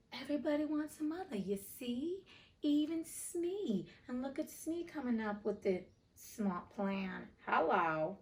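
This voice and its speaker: A woman's voice: on the high side, moderate pace, a little mellow, distant mic, poor audio. A woman reading a classic children's novel aloud, adding playful, chatty asides between passages. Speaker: storybook reader.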